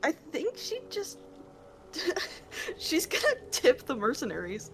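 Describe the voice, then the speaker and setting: A woman's voice: high voice, huge pitch swings, slow, fairly bright tone. A woman playing a tabletop game, chatting casually and giggling playfully. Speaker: player.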